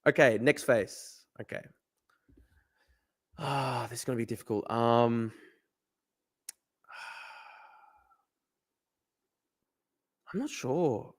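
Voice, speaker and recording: A man streaming a guessing game, thinking aloud, swearing and getting excited. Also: medium pitch, very slow, pauses often. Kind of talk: live-stream commentary while playing a guessing game.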